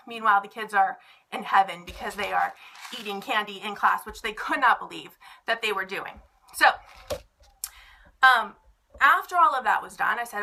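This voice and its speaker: Chatty, bright-voiced woman teacher. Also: on the high side, a little hiss or hum. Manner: chatty, a little nervous; animated, acts out students' excited voices. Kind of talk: live-stream lesson talk. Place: classroom. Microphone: phone camera.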